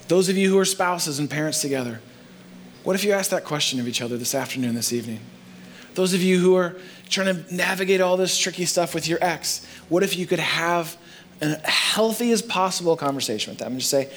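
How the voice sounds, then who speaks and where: A male pastor delivers a sermon in a church, speaking in an earnest, conversational way. His voice sits a little high for a man, with a faint background hum. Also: brisk. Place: church sanctuary.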